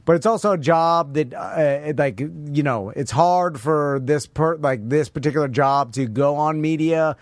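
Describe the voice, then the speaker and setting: Man, radio co-host, casual chat, laughs a lot, high-ish voice, dry close mic. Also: moderate pace, few pauses, dry recording. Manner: laughs often, playful.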